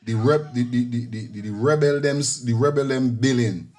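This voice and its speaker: A man's voice: medium pitch, moderate pace, darkish tone. A man hosting a casual call-in talk show, easygoing and stumbling over repeated words. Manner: easygoing, stammers and repeats himself.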